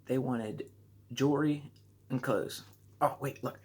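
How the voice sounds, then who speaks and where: A man's voice: slow, a little mellow, a little hiss or hum. A teenage boy from the United States telling a travel story in a casual vlog. He rambles, fills his talk with "like" and pokes fun at himself. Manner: rambling, self-deprecating, heavy use of "like"; acts out his own reactions in a higher voice. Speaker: vlogger.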